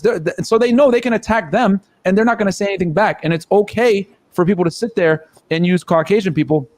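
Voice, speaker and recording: Blunt, profane man on a panel. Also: on the high side. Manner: profane, emphatic, many fillers like "man" and "yo". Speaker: panel guest. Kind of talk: blunt opinion rant.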